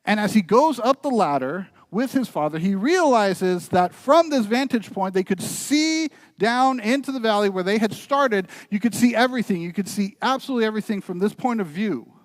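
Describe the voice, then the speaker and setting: A man's voice: high-pitched, animated, moderate pace, few pauses, no echo. A male pastor preaching a sermon, telling a story and urging his listeners earnestly. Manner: storytelling, building to earnest, quieter exhortation. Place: church.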